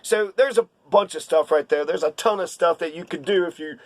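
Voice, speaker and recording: Heated male commentator, sarcastic rant, high-pitched, dry close mic. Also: brisk, no room sound. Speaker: political commentator. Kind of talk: casual ranting commentary.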